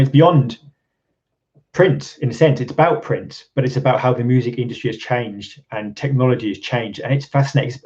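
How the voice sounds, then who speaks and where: A man's voice: mid-range voice, dark tone, dull audio. Rambling English man chatting on a stream. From England. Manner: rambling, many ums and restarts, chuckles often. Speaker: channel host. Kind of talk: casual live-stream chat reading viewer comments.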